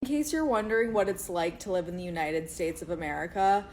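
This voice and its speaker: A woman's voice: lowish voice, a little mellow, slight background noise. Exasperated woman telling a story. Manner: exasperated, candid, quick. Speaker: vlogger. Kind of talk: casual storytime vlog.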